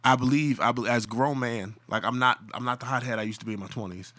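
A man with a bright, forceful voice tells a work story on a podcast, throwing himself into it. He sits close to a dry mic. His delivery is loose and comic, and he laughs as he goes. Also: medium pitch, fast talker, dry recording. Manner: animated storyteller, acts out voices in quotes, laughs often. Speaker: podcast co-host. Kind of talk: casual storytelling chat.

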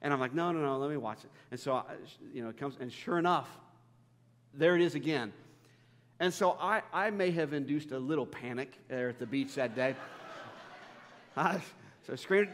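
A man's voice: on the high side, animated, normal speed, fairly bright tone, big-room sound. A man, a pastor, preaching a sermon with humorous, self-deprecating stories.

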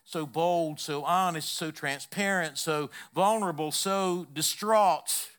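A man preaching a sermon, emphatic and repetitive, building long lists and suddenly dropping to a hush. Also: fairly high pitch, slow, smooth. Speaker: pastor.

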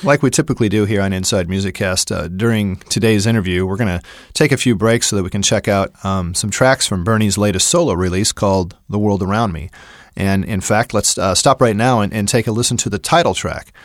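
A male podcast host with a fairly low voice and a dry, close sound. He introduces segments in an even, practiced way, with short acknowledgments between. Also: fairly quick, no room sound. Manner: brief acknowledgments, smooth segue announcements. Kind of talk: interview hosting.

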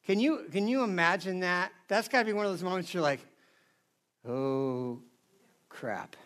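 A man with a very high voice preaches in a loose, conversational way. His tone is bright and sharp, and he keeps checking in with the crowd. It sounds like a friendly talk, not a formal lecture. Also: fast talker. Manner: chatty, keeps asking the audience "right?". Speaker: pastor. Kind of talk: casual conversational sermon.

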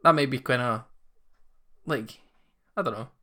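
A man's voice: mid-range voice, measured pace, bright, forceful tone. A man with a Scottish accent ranting in casual, sweary chat as a podcast co-host.

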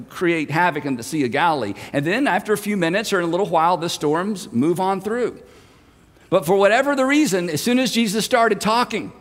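A pastor with a high voice preaches an animated sermon, breaking off for chatty asides to the congregation. His words ring out through a church with a long, reverberant tail. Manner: animated storytelling with conversational asides. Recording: reverberant hall.

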